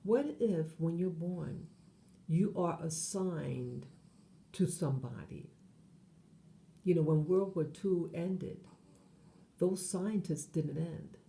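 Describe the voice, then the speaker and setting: Low, gravelly-voiced woman rambling slowly. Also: dark tone. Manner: meandering, with frequent self-corrections and fillers. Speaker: channel host. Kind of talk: rambling monologue.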